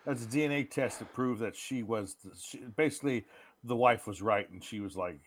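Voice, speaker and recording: A man co-hosting a casual movie-review chat, retelling scenes and acting out characters' lines. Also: a little fast. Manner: animated, acts out characters' lines in high voices. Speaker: podcast co-host.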